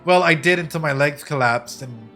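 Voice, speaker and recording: A man voicing a scared young survivor in a game, telling a story in a shaken, hushed way. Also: on the high side, normal speed, soft background music, voice pushed down. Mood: fearful. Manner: hushed and shaken, then pleading and panicky. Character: young frightened survivor recounting an escape.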